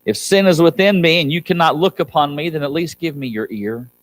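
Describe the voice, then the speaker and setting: A man preaching a sermon as pastor, emphatic, swinging between loud cries and soft asides. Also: on the high side, a little fast. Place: church sanctuary.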